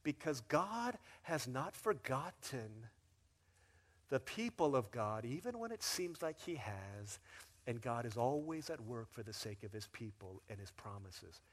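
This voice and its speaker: A male pastor preaching a sermon in a lively, casual storytelling manner with slang. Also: mid-range voice, normal speed.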